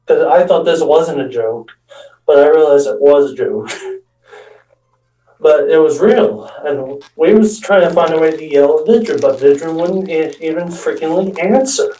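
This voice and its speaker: A man with a slightly high, mellow voice speaks at a normal speed, telling a rambling comic story about his friends, restarting often and acting out what others said. He comes across as an amateur stand-up storyteller, recorded in an echoey room with the mic far away.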